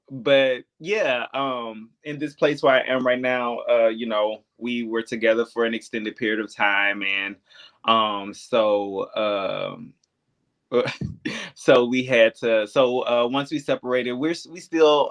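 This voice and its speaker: A man of thirty, a podcast guest, talking candidly in a hesitant, reflective way with many pauses and filler words. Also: medium pitch, fairly bright tone. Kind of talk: candid conversation.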